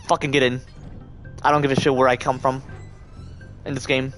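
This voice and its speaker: A man's voice: mid-range voice, flat delivery, fairly quick, fairly bright tone, soft background music. A man live-streaming a video game, talking to himself and swearing in frustration. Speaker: gaming streamer. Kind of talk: casual live-stream commentary.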